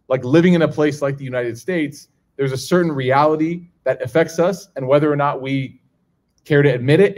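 A man giving a conversational religious lesson to a live audience, often checking in with the listeners and acting out the people in his stories. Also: fairly high pitch. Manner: conversational, keeps checking in with "okay?" and "right?"; acts out quoted people in a raised voice. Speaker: religious teacher. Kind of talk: casual lecture to a live audience.

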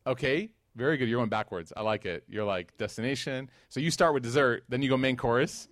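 A male preacher tells stories to a live crowd with energy. He fires questions at his listeners and tosses in jokes along the way. His voice sits at an ordinary pitch for a man and sounds close and dry. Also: a little fast, no echo. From United States. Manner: animated storytelling, quizzes the audience, joking asides. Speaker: Islamic preacher. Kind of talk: conversational sermon to a live audience.

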